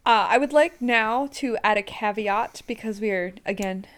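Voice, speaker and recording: A woman's voice: on the high side, moderate pace, clean tone. A woman hosting a casual beer-tasting podcast, teasing and wry. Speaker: podcast host.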